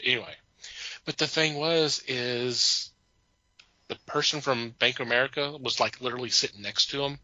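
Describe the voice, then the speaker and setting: Bright-voiced man chatting casually. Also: mid-range voice, steady tone, normal speed, no echo, dull audio. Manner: rambling, amused, many restarts. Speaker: podcast co-host. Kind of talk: casual chat.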